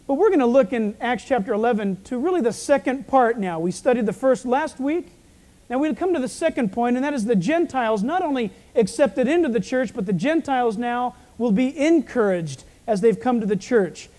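A male pastor with a croaky, frog-like voice, preaching a sermon with storytelling asides. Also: very high-pitched, expressive, fairly quick, dark tone.

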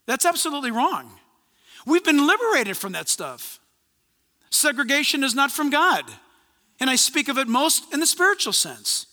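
A man's voice: extremely high pitch, normal speed. A man preaching a sermon as pastor, telling stories animatedly and acting out conversations. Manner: animated storytelling, acts out conversations. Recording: long hall reverb.

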